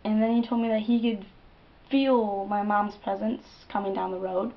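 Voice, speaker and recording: A woman's voice: medium pitch, normal speed. A young woman talks straight to her camera, swearing freely and acting out the tale. Her voice sits in a mid range, and the webcam audio is slightly dull and muffled. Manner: animated and profane, with dramatic quoted outbursts. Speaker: vlogger. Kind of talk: casual storytelling to camera.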